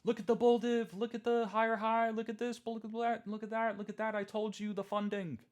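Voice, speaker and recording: A breathless, high-pitched crypto hype guy, as a man puts him on, gushing over every little rally. He squeals and piles up excited pointers, much higher than his plain voice. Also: brisk, lightly acted. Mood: giddy. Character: giddy overexcited male crypto bull.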